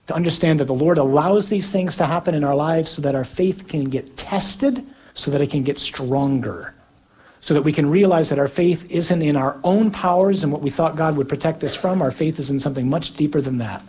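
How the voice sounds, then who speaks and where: A man preaching a sermon in an earnest, emphatic way, with slow, deliberate pauses between phrases. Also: on the high side, a little mellow, slightly rough.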